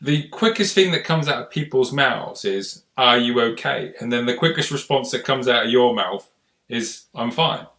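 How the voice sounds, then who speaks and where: A man's voice: mid-range voice, animated, moderate pace, fairly bright tone, roomy sound. A man hosting a casual live-stream chat, chatty and rambling in an encouraging way. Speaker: host.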